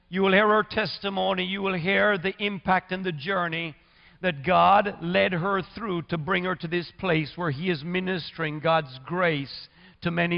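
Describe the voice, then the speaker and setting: A high-pitched male pastor with a gravelly edge introduces a guest from the pulpit in a formal, encouraging manner. His voice rings through a large church with long reverb. The recording sounds dull and muffled. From Canada. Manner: warm formal pulpit introduction with amen calls. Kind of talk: sermon introduction. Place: church sanctuary.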